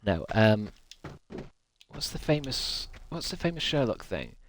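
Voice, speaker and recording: Male streamer, chatty gamer, swears a lot, medium pitch. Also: sing-song, measured pace. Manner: chatty, swears freely, laughs often. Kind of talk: casual gaming stream chat.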